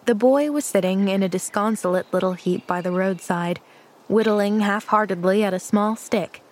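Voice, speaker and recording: A woman narrating a children's classic as an audiobook, with gentle, measured storytelling. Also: mid-range voice, a little hiss or hum.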